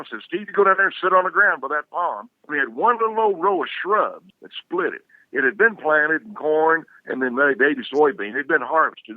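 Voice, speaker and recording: A man's voice: mid-range voice, no room sound. An older man, a guest telling a rambling, folksy story full of restarts. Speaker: guest, outdoor TV hunter. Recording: dry, tinny phone-like sound.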